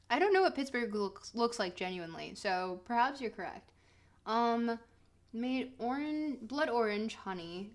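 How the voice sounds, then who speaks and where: A woman streaming a geography game, reading chat aloud and reacting with laughter and mock outrage. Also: mid-range voice. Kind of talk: casual game stream commentary.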